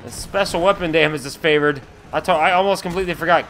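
A young man giving let's play commentary, excitable, swearing and yelling at enemies as he plays. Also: high voice, a little fast, few pauses. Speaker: gamer playing a shooter.

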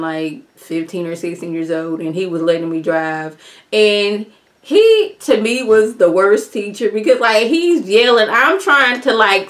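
A woman's voice: medium pitch, a bit bright. A woman YouTuber giving a casual, sassy review of a reality TV episode, talking straight to her viewers and sounding exasperated.

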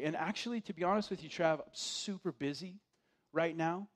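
A male pastor giving a sermon in a conversational, storytelling way, dropping his voice to a hush for quoted words. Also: a little high, moderate pace.

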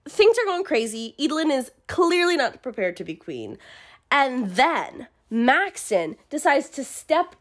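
Sarcastic high-voiced young woman ranting. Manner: sarcastic, exasperated, profane. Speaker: book reviewer. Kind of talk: casual ranting book recap.

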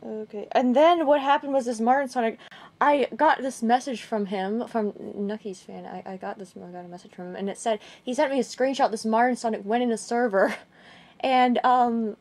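A young woman vlogging casually about a chat exchange, rambling and halting with many restarts. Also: fairly high pitch, steady tone, a little mellow. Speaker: gaming video creator. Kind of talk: casual vlog recounting a chat.

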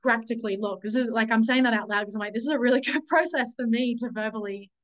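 A woman with a voice on the high side speaks fast over poor audio, telling a personal story on a group call for a summit. She gropes for words, keeps correcting herself, fills in with "like," and candidly swears at times when remembering her anger.

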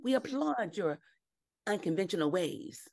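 A woman's voice: medium pitch, very animated, gravelly, darkish tone, full character voice. A woman improvising a prim, hesitant school official with a put-on Southern accent. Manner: hesitant, halting. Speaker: improv performer. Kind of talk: live improv comedy scene.

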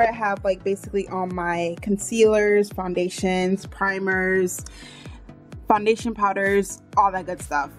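Young woman rambling thru her room tour, kinda hoarse morning voice, says like a lot, quiet music in back. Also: mid-range voice. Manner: chatty, filler-heavy with frequent "like". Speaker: beauty vlogger. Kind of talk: casual room tour chat. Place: her bedroom, indoors.

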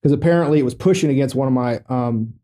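Middle-aged vet guy on a podcast, warm low-key voice, cracks dry jokes, lots of uhs and ums. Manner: wry, joking matter-of-factly about grave events; loose, halting with many fillers. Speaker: military veteran guest. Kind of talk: casual storytelling in a podcast interview. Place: podcast studio.

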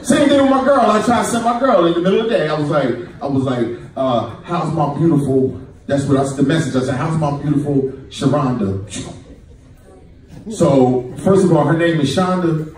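A man's voice: fairly high pitch, fast. A man doing a stand-up comedy routine, telling stories and acting out the voices of his friends. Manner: animated storytelling, acts out voices of friends. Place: comedy club stage. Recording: echoey club, mic far, crowd laughing. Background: audience laughter.

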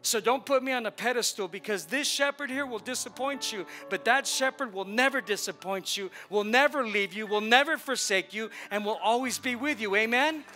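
Bright high-voiced male pastor preaching. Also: moderate pace, hardly any pauses, faint music behind. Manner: leads congregation in call-and-response; emphatic, repetitive preaching. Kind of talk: sermon. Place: church sanctuary.

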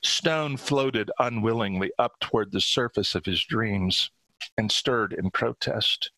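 A man reads his own short story aloud in steady, dramatic narration. His voice is low and forceful. The sound is close and dry. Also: measured pace, dry recording, rough recording. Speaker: author.

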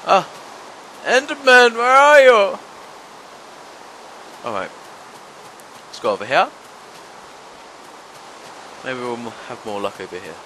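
A young man giving let's-play commentary, talking to the monsters and yelping and shouting whenever they hit him. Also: fairly high pitch, slow, pauses often, a little hiss or hum, poor audio. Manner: talks to monsters, yelps and shouts when hit. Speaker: gaming channel host.

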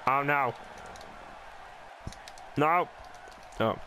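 A man calls a wrestling video game in a casual let's-play, talking slowly and bursting into gasps and swearing as the action turns. He throws in sarcastic jokes between moves. The home recording carries a clear layer of background noise. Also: mid-range voice, rough recording. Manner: excitable, reacting with gasps and swearing; joking, sarcastic asides. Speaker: gameplay commentator.

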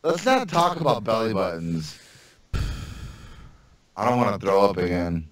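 A man's voice: fairly low pitch, sing-song, unhurried, roomy sound, slight background noise. A man co-hosting a podcast, teasing and playing hurt in crude banter. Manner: teasing, mock-offended. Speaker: podcast co-host.

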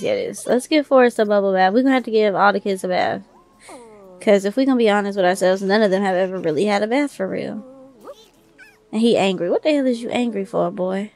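Sassy gravelly-voiced woman game commentator. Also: mid-range voice, a little mellow. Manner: sassy, talks back to the game characters; swears casually, informal slang. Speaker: let's play creator. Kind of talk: casual gameplay commentary.

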